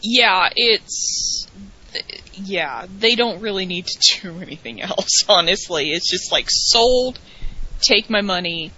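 A woman's voice: medium pitch, animated, takes it slowly, pushed and bright, husky. A woman co-hosting a show, chatting casually and with enthusiasm, repeating words for emphasis. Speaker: podcast co-host. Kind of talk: casual wrestling recap chat. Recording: dull lo-fi audio.

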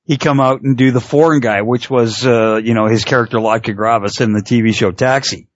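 A man's voice: mid-range voice, a little fast, no room sound. A middle-aged man in casual chat who laughs often, swears freely and tells stories with energy. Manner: laughs often, profane, animated storytelling. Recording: dull lo-fi sound.

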